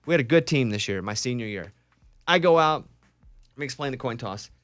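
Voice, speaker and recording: A man hosting a casual morning radio show, telling animated stories and acting out shouted quotes. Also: mid-range voice, a little fast, dry recording, faint music behind. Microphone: studio microphone.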